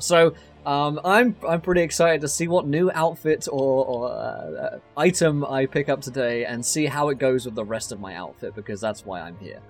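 A man's voice: medium pitch, moderate pace. Man, stream host, casual sponsor read, chatty, laughs a lot, stumbles over words, faint music behind. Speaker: host and player.

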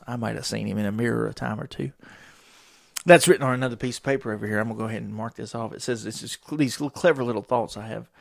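A man's voice: mid-range voice, creaky, no echo, clean studio sound. A middle-aged man, hosting a podcast and telling wry, profane stories in a rambling way. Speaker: podcast host. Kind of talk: casual solo podcast monologue.

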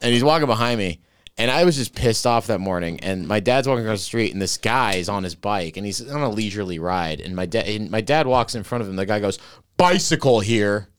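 A man co-hosting a casual podcast chat, telling crude, lively anecdotes. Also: lowish voice, fast, clear, resonant tone, no echo. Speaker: podcast co-host.

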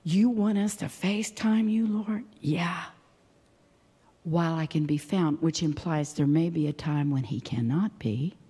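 A woman preaches a sermon to her congregation with fervent passion. She drops to near-whispers, then rises into loud, soaring shouts. Her voice rings out with the long reverb of a large hall. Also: low voice, a little slow, breathy edge. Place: church.

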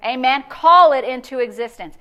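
High, bright-voiced woman preaching. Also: normal speed, clean tone, dull audio. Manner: animated preaching, calls and responses with the congregation. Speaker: pastor. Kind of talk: sermon. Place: church service.

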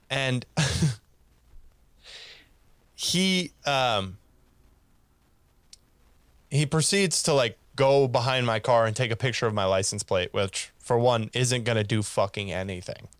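Man, mid pitch, casual storyteller who acts out quotes, dry close sound. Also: takes it slowly, pauses often, clean tone, no echo. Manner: animated, laughs while telling, acts out quoted lines.

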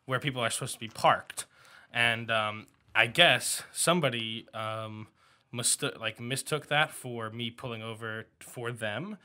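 A man telling a story in casual podcast chat, animated and often laughing. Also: mid-range voice, measured pace. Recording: clear background noise.

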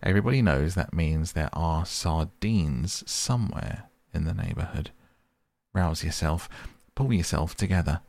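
A man voicing a cheerful, bustling male water rat from a storybook, talking briskly and heartily. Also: low-pitched, creaky, a little mellow, no room sound. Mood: reproachful.

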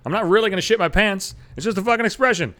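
A man's voice: high voice, racing, sharp tone. A man hosting his own podcast, delivering an exasperated comedic rant full of swearing and slightly slurred words. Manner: swears constantly, exasperated ranting. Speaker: podcast host.

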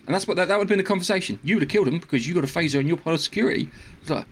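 Animated ranting man. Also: fairly high pitch, racing, slightly rough. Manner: animated, ranting, stammering restarts. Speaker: podcast co-host. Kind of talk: casual chat. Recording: faint background noise.

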